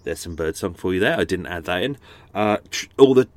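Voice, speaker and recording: A man's voice: sits low, expressive, fairly quick, darkish tone. A man hosting his podcast in a casual, rambling chat, with a slightly blocked nose, recording close to the microphone on a houseboat. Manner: chatty and meandering, frequent restarts and asides. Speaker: podcast host. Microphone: studio microphone close up.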